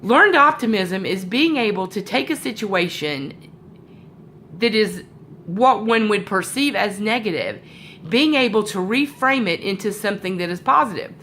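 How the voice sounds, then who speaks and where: A woman's voice: medium pitch, expressive, normal speed, fairly bright tone, a little hiss or hum. A woman with a sore throat giving a casual motivational talk to her sales team from home, rambling with fillers and self-corrections.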